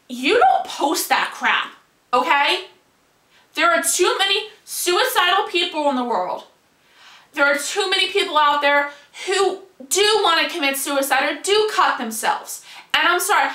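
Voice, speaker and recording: A woman's voice: high voice, sharp tone, echoey room. A young woman giving an indignant, heated rant in a video monologue, firing off rhetorical questions. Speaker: vlogger.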